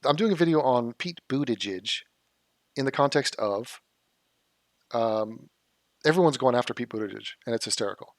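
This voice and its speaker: A political commentary host with a medium-pitched voice reacts to a debate clip in a sarcastic, mocking tone, speaking animatedly at normal speed with frequent pauses. His exasperation spills out as incredulous rhetorical questions. The audio is close and dry, with no room echo.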